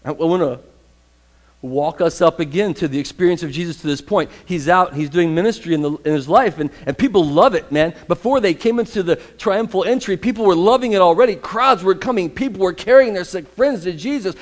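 A man's voice: sits high, brisk. A man preaching a sermon in a conversational, emphatic way, repeating phrases for stress. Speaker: pastor.

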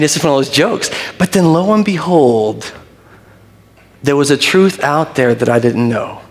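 A middle-aged man giving a sermon as pastor, telling a funny family story with laughter and then leading a prayer. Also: fairly high pitch. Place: church sanctuary. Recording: reverberant hall.

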